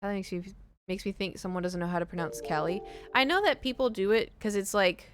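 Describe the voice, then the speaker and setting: A woman's voice: medium pitch, a little fast, faint music behind. A woman with a Southern accent chatting casually as a streamer while she plays, ranting and mocking how people pronounce words. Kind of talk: casual chat while gaming.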